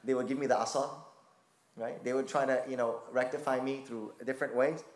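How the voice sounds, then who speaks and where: A man's voice: mid-range voice, fairly even intonation, a little fast. Male preacher, impassioned storyteller; echoey lecture room. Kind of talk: sermon.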